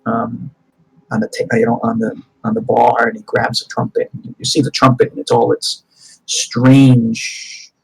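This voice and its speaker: A man's voice: medium pitch, monotone, measured pace, vocal fry, slightly rough, low-quality recording. A man narrating a tabletop game as game master in a loose, restarting way.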